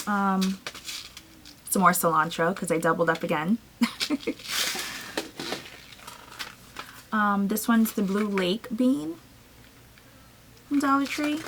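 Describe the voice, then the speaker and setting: A woman from Trinidad, a gardening vlogger, chatting casually and excitedly through a show-and-tell with frequent ums. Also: medium pitch, slight background noise, poor audio.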